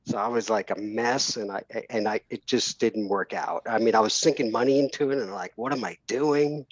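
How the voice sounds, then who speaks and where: A man's voice: on the low side, fairly quick, no room sound, lo-fi sound. A middle-aged man with a New York accent, talking candidly and loosely as an interview guest, often restarting his sentences. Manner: candid, rambling with restarts and laughs. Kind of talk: casual interview.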